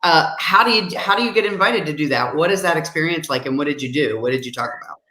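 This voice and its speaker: A woman's voice: sits low, fast talker, bright, forceful tone, reverberant. A woman hosting a live online interview, affirming her guest with enthusiastic reactions. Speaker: interview host.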